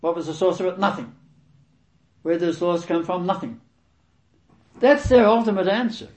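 A man preaching through scripture, reading verses and commenting on them with emphatic, repeated key words and sudden loud stresses. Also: sits high, moderate pace, echoey room.

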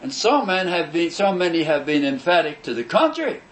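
A male preacher delivering a sermon with a high, very lively voice that swoops up and down. He is emphatic and declamatory, hammering phrases through repetition and measured pauses. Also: poor audio. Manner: emphatic, says so himself, repeats phrases for stress.

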